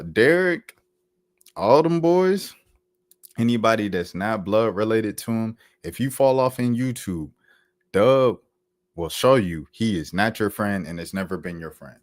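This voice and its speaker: Man, deep low voice, commentary host, animated repetitive talk, dry close sound. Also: no echo. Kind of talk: casual commentary monologue.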